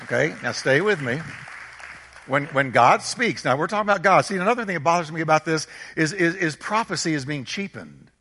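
A man's voice: fairly high pitch, expressive, fairly quick, sharp tone, breathy edge, long reverb tail, some chatter behind. A man preaching a sermon as a pastor, emphatic, repeating his points and firing rhetorical questions at the congregation.

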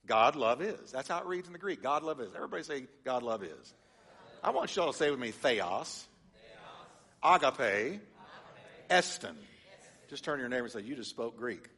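A man preaches to his congregation. His bright voice swings widely in pitch as he has them repeat words back to him. A long reverb from the church sanctuary trails behind each phrase. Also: normal speed, long pauses, slightly rough. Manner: animated, engages congregation with call-and-response. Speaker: pastor. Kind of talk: sermon teaching.

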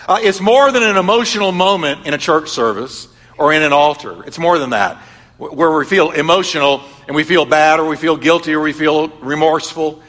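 High, bright-voiced male pastor preaching. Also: a little fast. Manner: emphatic, repetitive preaching cadence. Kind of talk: sermon. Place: church sanctuary. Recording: long reverb of a large church hall.

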